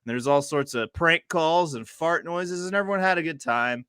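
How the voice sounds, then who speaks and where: A man's voice: a little high, normal speed, bright, forceful tone, smooth, no room sound, studio quality. A man co-hosting a casual podcast, teasing with playful, sarcastic banter. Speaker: podcast co-host. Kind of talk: casual chat.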